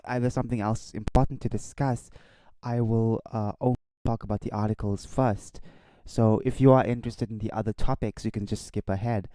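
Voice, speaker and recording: A man's voice: mid-range voice, dark tone, smooth, no echo. A man hosting a casual live stream, rambling and correcting himself as he chats and reads out news on a desk microphone. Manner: rambling, self-correcting, chuckling asides.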